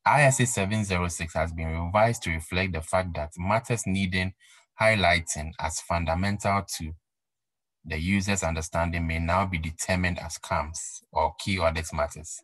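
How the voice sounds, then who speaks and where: A man with a very low, deep voice teaching an exam-prep accounting class. He drives points home by repeating them and asking his listeners whether the idea is clear. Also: moderate pace, a bit bright, no room sound, low-quality recording. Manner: repeats key points for emphasis, asks rhetorical questions. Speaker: accounting lecturer. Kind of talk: recorded exam-prep lecture.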